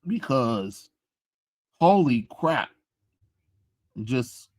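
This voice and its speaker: A man's voice: medium pitch, animated, unhurried, long pauses. A man live-streaming a comic book reading, making sarcastic, dismissive, rambling asides while his allergies give him a runny nose.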